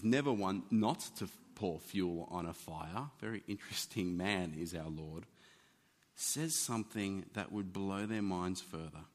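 A man preaching a sermon in an animated, conversational teaching manner. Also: lowish voice. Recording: long hall reverb.

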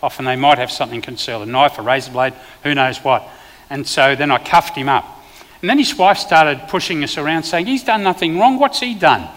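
An Australian man, a preacher and former police officer, telling a vivid testimony in a sermon with sudden loud bursts. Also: mid-range voice, fairly quick, in a large hall.

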